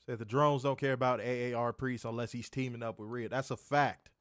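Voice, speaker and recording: A man's voice: medium pitch, fairly even intonation, a little fast, clean tone, no echo, clean studio sound. A man co-hosting a wrestling review podcast, ranting in an exasperated way, swearing and repeating himself for emphasis. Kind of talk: casual chat.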